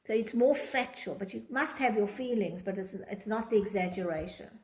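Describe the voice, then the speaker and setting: A woman's voice: medium pitch, moderate pace, darkish tone. A woman teaching a Torah psychology class, reading from a text and explaining it, acting out quoted thoughts in different tones. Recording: echoey room.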